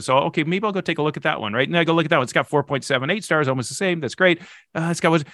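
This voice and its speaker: A middle-aged man telling a story as a podcast guest, animated and self-mocking, with exasperated asides. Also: on the high side, racing, dry recording, studio quality. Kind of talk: casual storytelling in conversation.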